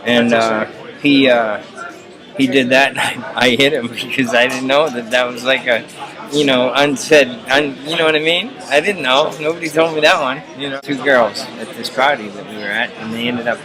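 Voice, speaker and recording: A man's voice: medium pitch, steady tone, moderate pace, over music, rough recording. A man casually telling rambling personal stories, full of "you know" fillers. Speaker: storyteller. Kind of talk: casual anecdotes.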